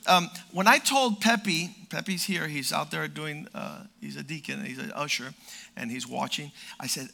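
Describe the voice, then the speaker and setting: A male pastor preaching a sermon, telling stories with humor and swinging from quiet asides to loud exhortation. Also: a little high, moderate pace, gravelly. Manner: storytelling with playful humor.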